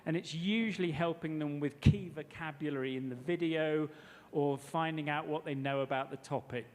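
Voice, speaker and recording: Chatty high-voiced man presenting a workshop. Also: normal speed. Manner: chatty, explanatory. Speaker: teacher trainer. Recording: long hall reverb.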